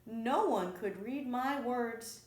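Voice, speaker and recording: A woman voicing a hasty, jumpy rabbit in a storybook, with a quick, eager manner. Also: fairly high pitch, a little mellow, voice pushed up. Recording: echoey room.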